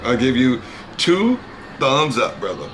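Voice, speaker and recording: Man, American, middle-aged, folksy storyteller, casual chat, medium pitch, faint background noise. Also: sing-song, unhurried, a bit bright. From United States. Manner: folksy storyteller, calls people "brother". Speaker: co-host, the dad.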